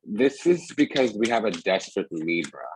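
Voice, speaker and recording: A man's voice: on the low side, sing-song, normal speed, slight background noise, poor audio. A man giving a rambling, emphatic casual tarot reading, talking restlessly from card to card. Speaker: tarot reader.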